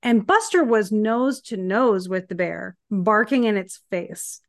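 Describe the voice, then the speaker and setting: A woman's voice: medium pitch, measured pace, no room sound. Chatty woman co-host, dry close sound. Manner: chatty, rambling with asides. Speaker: podcast co-host. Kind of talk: casual chat, storytelling.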